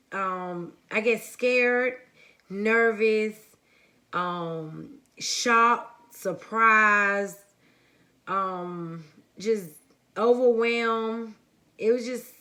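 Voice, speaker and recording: Bright-voiced young woman telling a story. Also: medium pitch. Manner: chatty, rambling, addresses viewers as y'all. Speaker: vlogger. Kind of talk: casual story time to viewers.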